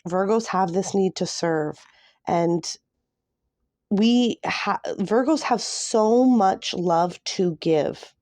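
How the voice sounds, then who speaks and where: Woman tarot reader, mellow and dry, chatty and effusive. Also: medium pitch, slow, dry recording. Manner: gushing and emotional, many fillers. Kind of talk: casual tarot reading to camera.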